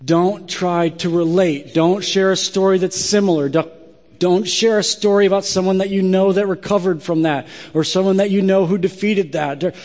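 Blunt pastor in a reverberant hall. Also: male voice, high voice, darkish tone. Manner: blunt, direct, emphatic. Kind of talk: sermon.

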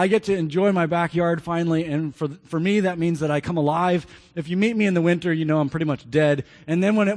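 A man in his thirties preaches with earnest warmth, telling a family story and circling back to repeat his key phrases. His voice sits a little high for a man. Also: in a large hall. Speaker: pastor. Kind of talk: sermon with personal story.

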